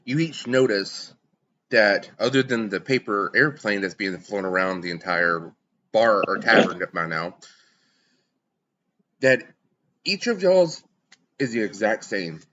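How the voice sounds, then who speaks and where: A man's voice: lowish voice, animated, unhurried, long pauses, lo-fi sound, background noise. A man narrating as game master of a tabletop game, talking loosely and casually.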